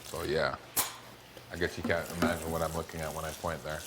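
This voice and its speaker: Man, very low voice, casual blunt banter, kitchen noise behind. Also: little pitch movement, a little fast. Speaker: reality show houseguest. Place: house kitchen.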